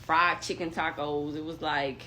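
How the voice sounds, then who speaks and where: A young woman telling a story in casual chat, animated and acting out what others said. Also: sits low, a little slow, a little hiss or hum. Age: young adult.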